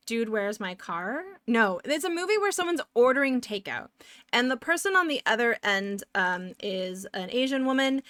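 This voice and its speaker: Woman streamer drawing and rambling to chat, mid pitch, dry sound. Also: a bit bright, clear, resonant tone, no room sound. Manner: chatty and rambling, goes off on tangents and reads chat aloud. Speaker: live-streaming pixel artist. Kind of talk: casual live-stream chat while drawing.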